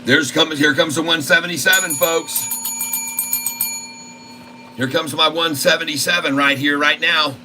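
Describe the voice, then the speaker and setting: A man hosting a trading channel, commentating live on his trades in a folksy, excitable way and constantly talking to his viewers. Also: mid-range voice, slight background noise, rough recording. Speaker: stock trading channel host.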